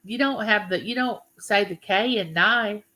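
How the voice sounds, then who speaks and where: A woman's voice: mid-range voice, measured pace, sharp tone. A woman hosting a casual live stream, chatting and greeting her viewers by name. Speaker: livestream host.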